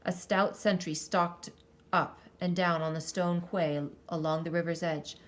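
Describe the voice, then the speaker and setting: Expressive woman reading a story. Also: on the low side, measured pace. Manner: expressive, lingering on counts and sound words. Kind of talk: reading a children's story aloud.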